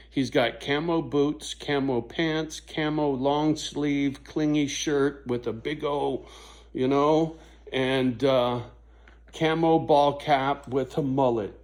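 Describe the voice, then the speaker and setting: A man's voice: mid-range voice, darkish tone. Rambling, cussing middle-aged man telling a story. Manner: rambling, profane, frequent "right?" asides. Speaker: vlogger. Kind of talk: casual storytelling to camera.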